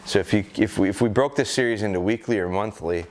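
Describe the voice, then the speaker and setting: A middle-aged American man, a gun dog trainer, calmly explaining a training session and hesitating with fillers as he goes. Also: on the low side, quick pace. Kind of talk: instructional talk during a training session.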